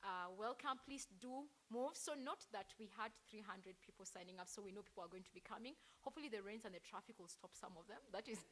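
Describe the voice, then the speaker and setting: A woman opening an event with an earnest, rallying welcome speech. Her voice sits in a middle pitch, with a faint hiss under the recording. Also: quick pace, hardly any pauses, fairly bright tone. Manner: earnest and rallying, with some restarts.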